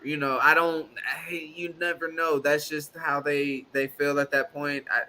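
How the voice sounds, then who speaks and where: A man's voice: on the high side, steady tone, moderate pace, few pauses, pushed and bright. Rambling laid-back male stream host. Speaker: livestream host. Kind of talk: casual livestream chat.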